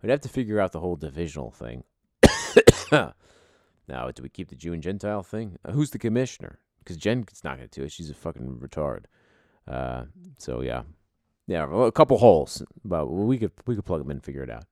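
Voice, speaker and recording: A man's voice: sits low, big pitch swings, fairly quick, darkish tone, dry recording, clean studio sound. A man hosting a podcast, signing off in a laid-back, profane, rambling way with lots of fillers. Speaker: podcast host, league commissioner. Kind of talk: casual podcast sign-off.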